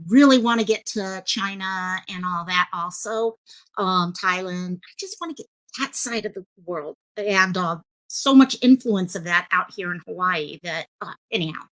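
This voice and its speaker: Bright chatty woman streamer. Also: fairly low pitch, moderate pace. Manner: chatty, greets viewers in chat, many fillers. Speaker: livestream host. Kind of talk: casual live-stream chat. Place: home streaming setup in Hawaii. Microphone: headphones with mic at desk.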